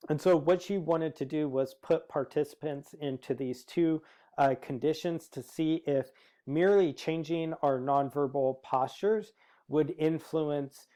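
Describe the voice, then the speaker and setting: A man delivers a lecture in a smooth, clear voice that sits a little high for a man. He explains at an even, teacherly pace, often pausing on "uh" as he builds each point. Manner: explanatory, frequent "uh" fillers. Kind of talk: recorded lecture.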